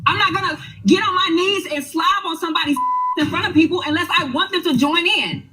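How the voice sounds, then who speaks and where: Woman, insistent and accusing, high pitch, quick delivery. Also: low-quality recording. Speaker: reality show cast member. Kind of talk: heated reunion argument.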